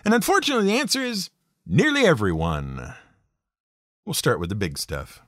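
A man's voice: a little high, wildly swooping pitch, moderate pace, fairly bright tone, dry recording. A man narrating a scripted podcast episode in a wry, playful storytelling manner with dry asides. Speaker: podcast host.

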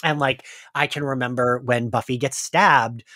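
A man's voice: mid-range voice, steady tone, normal speed, bright, forceful tone, no echo. Male podcast host, stuffy-nosed, chatty storyteller; dry close mic. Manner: chatty storyteller, acts out quoted friends. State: congested from crying. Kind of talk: casual chat.

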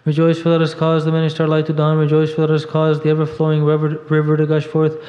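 A man reading liturgical hymns aloud in a steady, even recitation at a church service, now and then stumbling over a word. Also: a little high, fast. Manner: steady monotone recitation with small slips. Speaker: reader at a monastery service. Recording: dull echoey church audio.

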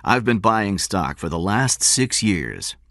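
A man voicing a confident, scheming businessman in an audiobook, brisk, excited and commanding. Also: lowish voice, vocal fry, no room sound, clean studio sound, voice pushed up, exaggerated voice.

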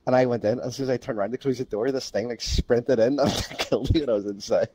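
A man's voice: medium pitch, fairly even intonation, fast talker, mellow, a little hiss or hum. A man playing a co-op horror game, chatting casually, laughing and swearing. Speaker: gamer.

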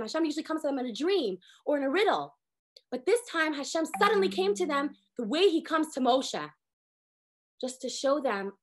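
A woman in her thirties teaching a lively Torah class, acting out quotes with sudden jumps in pitch. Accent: sprinkles Hebrew words. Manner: animated, acts out quotes with big pitch jumps.

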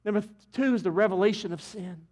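A man pastor preaching an impassioned sermon in a church sanctuary, swinging from loud to quiet. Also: high-pitched, fast.

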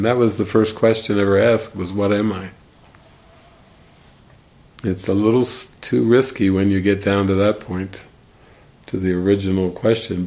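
Low-voiced man telling stories with laughter. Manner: animated storyteller, laughs while retelling. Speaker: spiritual teacher. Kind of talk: casual spiritual commentary.

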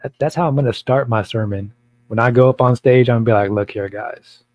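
A man's voice: mid-range voice, steady tone, fast, rough recording. A man who is a pastor, talking in a blunt, provocative, rambling way with many repeats during a casual Bible study.

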